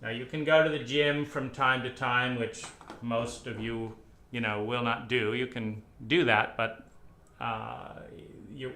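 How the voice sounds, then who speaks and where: Slow, bright-voiced man lecturing sardonically. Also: mid-range voice, steady tone. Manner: sarcastic, mocking with dramatic swings in loudness. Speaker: speaker on psychedelics. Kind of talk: lecture-style monologue.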